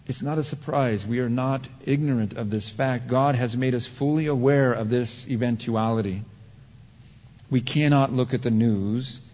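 A man preaching a sermon, swinging from heated emphasis to hushed, drawn-out points. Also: mid-range voice. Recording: dull muffled sound with long hall reverb.

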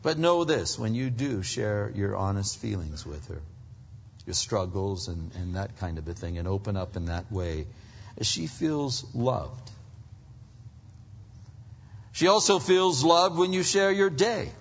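A man preaching a conversational sermon to husbands, animated and acting out little bits of dialogue. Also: on the low side, measured pace, creaky, slightly rough. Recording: muffled, reverberant hall.

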